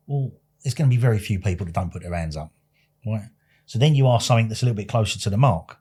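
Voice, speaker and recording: A man's voice: lowish voice, fast talker, breathy edge. A man in casual podcast chat, telling stories animatedly and acting out dialogue. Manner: animated, acts out dialogue, swears. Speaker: podcast guest.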